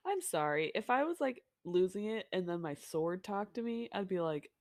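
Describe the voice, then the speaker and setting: A woman co-hosting a podcast, reacting with jokes, quick laughs and pop-culture asides. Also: mid-range voice, expressive, darkish tone, no room sound, studio quality. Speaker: podcast co-host. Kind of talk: casual chat.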